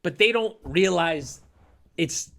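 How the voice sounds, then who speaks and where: A man's voice: on the high side, slow pace, gravelly. A young man hosting a casual podcast, ranting animatedly and swearing freely. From Boston. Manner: animated, profane, rants with rising emphasis. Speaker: podcast host.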